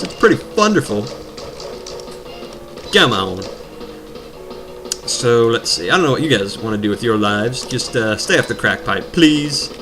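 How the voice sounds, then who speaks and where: Man, let's play commentator, rambling, jokey, drifts off topic, mid pitch, game music behind. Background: video game music.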